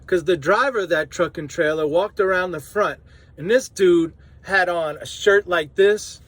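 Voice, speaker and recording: A truck driver from New Orleans with a New Orleans accent, chatting casually to camera in a vlog and laughing often. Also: male voice, high-pitched, moderate pace, a bit bright. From New Orleans, Louisiana.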